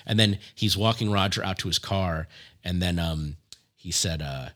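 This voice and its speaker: A man co-hosting a podcast in casual chat, an animated, joking storyteller. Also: low-pitched, moderate pace. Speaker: podcast co-host.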